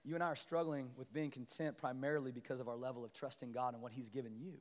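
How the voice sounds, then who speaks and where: A male pastor preaching a sermon to his church, animated and building to loud, emphatic peaks as he calls out to the congregation. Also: mid-range voice, fast. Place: large church sanctuary. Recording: long church hall reverb.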